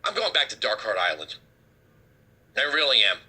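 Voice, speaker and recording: A man hosting a political talk show, delivering a heated, sarcastic commentary rant with a husky edge. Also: on the low side, very animated, moderate pace, sharp tone.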